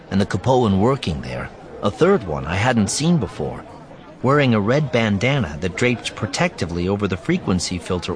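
A man narrating a first-person story in a dry, wry manner. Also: lowish voice.

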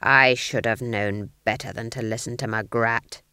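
A woman's voice: fairly low pitch, very animated, slow, no room sound, clean studio sound. A woman voicing an earthy, bawdy old female witch who talks defensively and sneers, now and then shrieking. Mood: menacing.

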